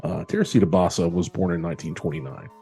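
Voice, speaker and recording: Man, very low voice, husky, casual true-crime storytelling, faint music bed. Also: fast talker. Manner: relaxed storytelling with frequent "uh" fillers. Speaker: podcast co-host.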